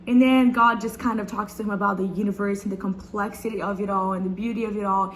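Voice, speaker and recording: A young woman sharing a Bible reflection in a casual, animated devotional talk, speaking straight to her viewers. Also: medium pitch, fast talker, hardly any pauses, a little hiss or hum, poor audio. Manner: chatty, animated, addresses viewers as "guys".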